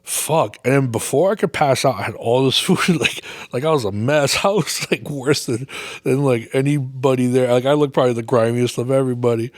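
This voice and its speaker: On his own podcast, a medium-pitched man talks fairly quickly through a long, casual tale, cursing nonstop and performing over-the-top quoted reactions. The sound is dry and studio quality.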